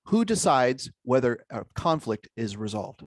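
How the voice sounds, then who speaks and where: A man's voice: medium pitch, sing-song, measured pace, no room sound. Engaging man leading an online workshop. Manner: engaging, peppers talk with "okay?" and "right?". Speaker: workshop leader.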